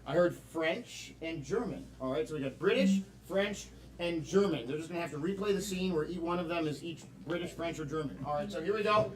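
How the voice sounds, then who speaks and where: A man's voice: fairly high pitch, fairly quick, few pauses. A man hosting a live improv comedy show, upbeat and chatty, taking suggestions from the audience. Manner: upbeat, prompts audience with fillers. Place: comedy theater stage. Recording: echoey stage mic from far off.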